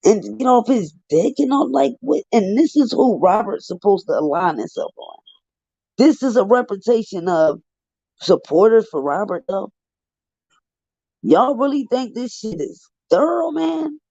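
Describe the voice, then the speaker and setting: A man's voice: high voice, big pitch swings, measured pace, gravelly, mellow, slightly rough, no room sound. A man giving heated, profane live commentary, ranting in an exasperated way on a livestream. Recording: dull lo-fi dry livestream audio.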